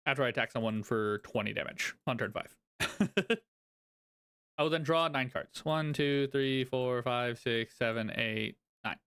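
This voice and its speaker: Man, casual gameplay commentary, thinks aloud, counts out loud, smooth clear voice. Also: medium pitch. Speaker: card game content creator.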